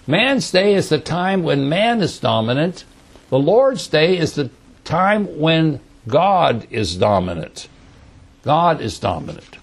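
A man teaching through a Bible passage, explaining slowly and repeating key words, often checking in with "okay?". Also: on the high side. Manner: slow, repetitive explaining with frequent "okay?" checks.

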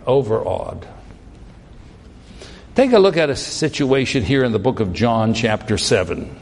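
A man's voice: medium pitch, in a large hall. A man preaching a sermon, pressing his point with emphatic rhetorical questions. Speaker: pastor.

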